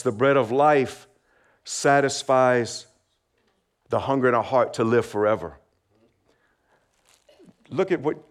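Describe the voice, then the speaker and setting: A man delivers a sermon in an easy, friendly way, at a middle pitch. He checks in with his listeners often, leads call-and-response, and laughs lightly between his points. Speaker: preacher. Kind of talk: children's sermon.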